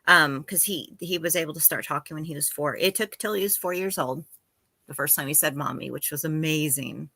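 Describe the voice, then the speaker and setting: Low, bright-toned woman. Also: brisk, no room sound. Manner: chatty and open, talks as a parent. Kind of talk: casual chat.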